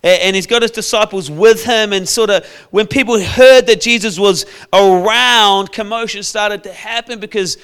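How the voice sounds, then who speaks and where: Bright-voiced male preacher telling a story. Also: high-pitched, moderate pace, few pauses, clear, resonant tone. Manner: storytelling, playful, acts out characters with shouts. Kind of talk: sermon.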